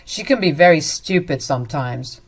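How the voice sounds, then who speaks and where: A woman's voice: deep voice, lively intonation, normal speed, husky, exaggerated voice. A woman voicing a cruel, lying young husband who turns defensive and stammers when caught.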